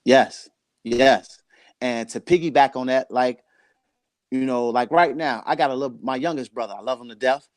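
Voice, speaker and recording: A man's voice: medium pitch, normal speed, no room sound. Earnest man in his forties, dry sound. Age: 40s. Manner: earnest, emotional, repeats phrases for emphasis. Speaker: guest sharing his life story. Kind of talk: candid conversation.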